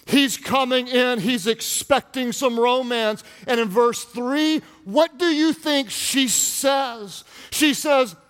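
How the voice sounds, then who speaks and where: A man's voice: extremely high pitch, slow pace, fairly bright tone, clear, resonant tone. A man preaching a humorous sermon as pastor, playful and teasing with the congregation. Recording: long reverb of a large hall.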